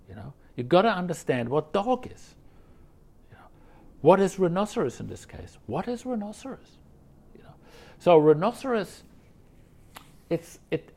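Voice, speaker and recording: Gravelly-voiced man giving a lively dharma talk. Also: medium pitch. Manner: animated, conversational, acts out quotes. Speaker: Zen teacher.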